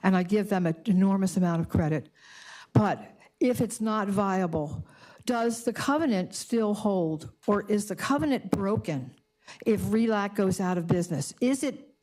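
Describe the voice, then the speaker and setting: Older female resident at public comment, upset and halting. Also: medium pitch, darkish tone. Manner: emotional, indignant, halting with restarts. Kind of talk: public comment at a community board meeting.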